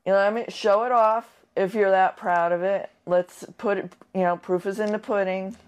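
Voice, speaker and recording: A woman's voice: mid-range voice, steady tone, normal speed, smooth. A woman co-hosting a casual chat show, blunt and laughing often, swearing freely. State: sick. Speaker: podcast co-host.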